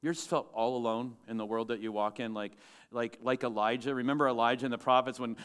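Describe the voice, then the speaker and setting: Animated man preaching with a clear voice. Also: medium pitch, fast. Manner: animated preaching, rises loud when quoting scripture, asks the room questions. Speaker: pastor. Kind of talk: sermon. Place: church.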